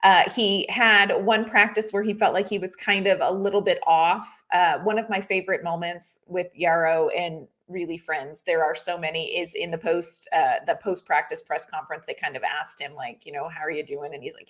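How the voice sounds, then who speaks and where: Woman co-hosting a sports podcast, gushy and excited, rambles a bit. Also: lowish voice, moderate pace, hardly any pauses. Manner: enthusiastic, gushing, rambling. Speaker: podcast co-host. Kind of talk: casual sports podcast chat.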